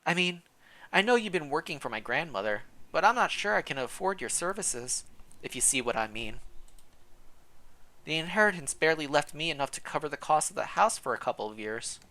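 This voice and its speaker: A man's voice: a little high, very animated, brisk, bright, forceful tone, pitched above the performer's own voice, exaggerated voice. A man voicing a polite, practical young woman teacher in a game, in a plain reading voice.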